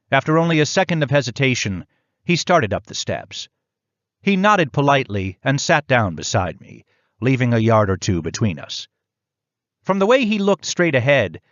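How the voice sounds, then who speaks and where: A man reading a first-person audiobook in a measured, reflective way. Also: mid-range voice, no echo, highs cut off. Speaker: audiobook narrator.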